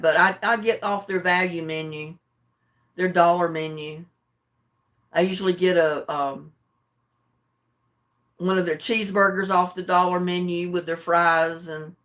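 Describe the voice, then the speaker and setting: A woman's voice: lowish voice, fairly bright tone. Drowsy older woman chatting. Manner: chatty, homey, chuckles often. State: drowsy and relaxed. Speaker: livestream host. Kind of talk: casual chat with live viewers.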